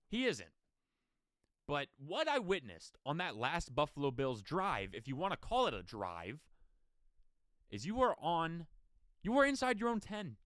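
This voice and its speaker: Animated man ranting about football. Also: mid-range voice, no room sound, studio quality. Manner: animated, opinionated, rapid-fire rant with rhetorical questions. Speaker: sports podcast host. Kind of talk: solo sports commentary.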